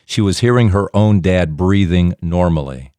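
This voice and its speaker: Gentle male podcast host. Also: sits low, normal speed, smooth, dry recording. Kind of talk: reflective narration and interview.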